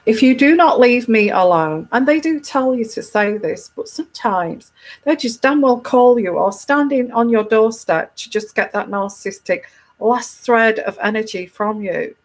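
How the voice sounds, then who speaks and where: A woman's voice: fairly high pitch, moderate pace. A woman tarot reader giving casual advice to a viewer, emphatic, often repeating herself and restarting her sentences.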